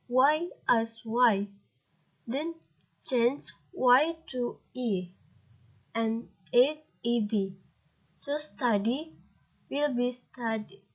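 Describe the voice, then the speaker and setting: Slow, halting Indonesian student woman. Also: fairly high pitch, muffled recording. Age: young adult. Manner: slow, halting reading with spelled-out letters. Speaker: student presenter. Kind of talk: reading a grammar lesson aloud.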